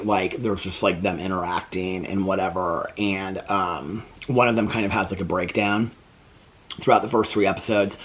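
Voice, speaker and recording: A man vlogging at home in a casual, rambling chat full of fillers, cooing to his pet between stories. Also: fairly bright tone. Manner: chatty, rambling with many fillers; coos to his pet in high baby talk.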